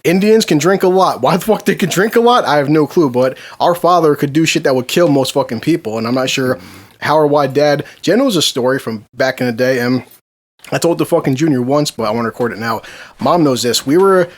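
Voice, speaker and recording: A man's voice: on the high side, fairly quick. A man co-hosting a podcast, telling stories in a boisterous, profane way and laughing often. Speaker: podcast co-host. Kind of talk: casual chat, storytelling.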